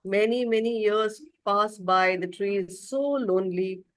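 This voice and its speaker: A woman spiritual teacher telling a story to her class in an expressive way, often clearing her throat. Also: mid-range voice, unhurried, no room sound. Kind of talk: storytelling talk.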